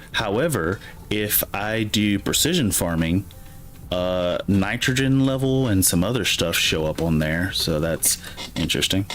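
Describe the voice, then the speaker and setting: Low-voiced Midwestern American man rambling. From Michigan, US. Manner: rambling, talks to himself, many "like" fillers. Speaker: gaming streamer. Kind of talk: casual gameplay commentary.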